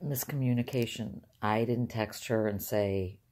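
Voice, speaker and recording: An older woman talking casually to her viewers from inside a car, soft-spoken and halting, trailing off with sighs. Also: rumbling low, a little hiss or hum. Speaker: vlogger. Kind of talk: rambling casual talk to camera.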